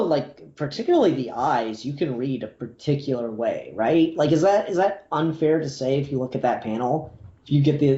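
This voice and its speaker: A podcast guest who weighs each point, hedging and thinking aloud as they talk. The voice is mellow and dark. It sounds roomy and somewhat muffled. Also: medium pitch. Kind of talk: casual comic book review chat. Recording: dull echoey lo-fi audio.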